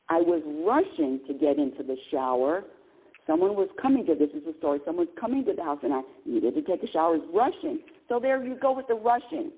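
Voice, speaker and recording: Animated woman in her sixties, phone-line sound. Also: on the low side, a little fast, breathy edge. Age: 60s. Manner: animated storytelling with laughs and exclamations. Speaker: radio show host. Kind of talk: casual spiritual talk radio monologue.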